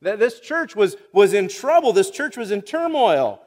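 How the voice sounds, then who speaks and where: A male pastor with a notably high voice delivers a sermon in a church, joking with the congregation and stumbling into repeated words as he goes. His voice rings with the long reverb of a large sanctuary. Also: sing-song, normal speed, a little mellow. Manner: playful, teases the congregation.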